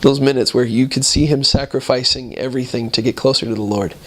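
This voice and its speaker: A man's voice: mid-range voice, fast. A man in his thirties, a returned missionary, telling stories from his mission and acting out the voices of the people in them. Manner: animated, acts out voices in his anecdotes. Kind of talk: storytelling talk.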